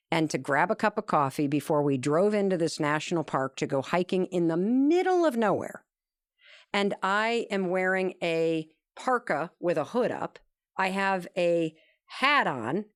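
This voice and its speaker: A woman's voice: fairly low pitch, no echo, clean studio sound. A woman telling an earnest, emphatic story as a guest in an interview conversation. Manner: animated, acts out quoted dialogue.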